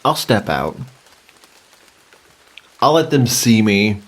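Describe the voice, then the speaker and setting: Slow-talking man playing a game character. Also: on the low side, very animated. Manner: slow and deliberate, halting. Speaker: player.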